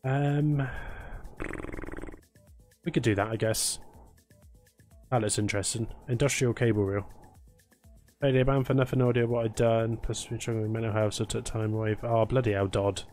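A man streams a game and talks easily to his chat, teasing viewers and thanking them by name between moves. His voice sits at an ordinary middle pitch. Soft game music plays faintly behind him. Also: fairly even intonation, normal speed, long pauses. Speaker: live streamer. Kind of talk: casual live-stream chat while gaming.

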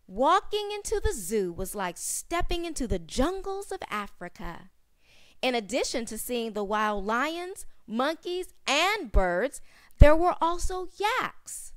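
Brief: woman phonics teacher, slow and clear, repeats each sound softly. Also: high voice, very animated, no echo, studio quality. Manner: stretches and repeats sounds, drops to soft repeats. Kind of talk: slow storybook phonics reading.

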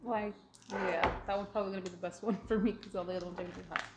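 A woman's voice: mid-range voice, fairly even intonation, very fast. A young woman from Texas, the host's wife, chiming in with dry, teasing remarks. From El Paso, Texas. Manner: dry, teasing, quietly sarcastic. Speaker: vlogger's wife. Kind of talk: casual chat. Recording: echoey room, clear background noise.

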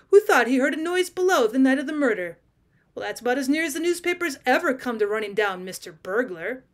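A woman reading the lines of a vain, arrogant male criminal, giving them a brash, louder delivery than her narration. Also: a little high, close to an everyday voice.

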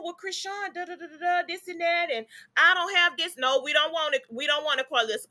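A woman's voice: high voice, pushed and bright. A woman with a Southern US accent, chatting sassily about celebrity gossip to her viewers. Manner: sassy, chatty, addresses viewers as y'all and baby. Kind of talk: casual gossip commentary to viewers.

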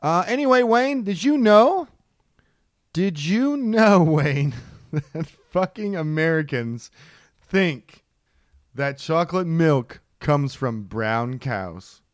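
A man co-hosting a casual comedy podcast who rants excitably and swears a lot. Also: on the high side, slow pace, dry recording, clean studio sound. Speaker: podcast co-host.

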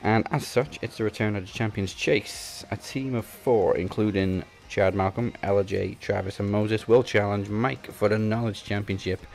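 Man, low voice, podcast host: loose banter, wry asides, announcer duties. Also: steady tone, moderate pace, gravelly, few pauses, a little mellow. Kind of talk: casual podcast chat and show announcements.

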